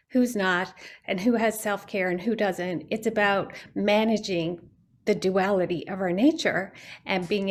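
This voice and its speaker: A woman giving an earnest, reflective talk on self-care in an online meeting, often restarting her phrases as she thinks. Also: medium pitch. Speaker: guest speaker. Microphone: video call.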